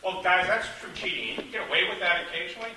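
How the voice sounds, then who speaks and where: A man's voice: sits high, very fast. A male author in a casual panel chat, rambling and self-deprecating, with many restarts. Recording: echoey room, distant mic, faint hiss.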